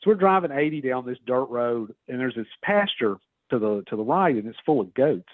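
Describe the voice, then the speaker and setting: A man's voice: a little fast, no room sound. A man guest telling a story over a phone call, quoting people in a raised voice. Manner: animated storyteller, acts out quotes in a high voice. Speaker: author guest. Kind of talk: casual storytelling. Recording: tinny phone line.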